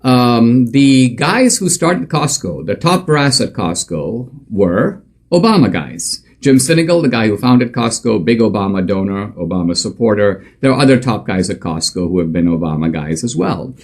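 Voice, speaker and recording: A man's voice: fairly low pitch, lively intonation, normal speed. A male author and commentator telling a story in an emphatic, conversational monologue with frequent fillers.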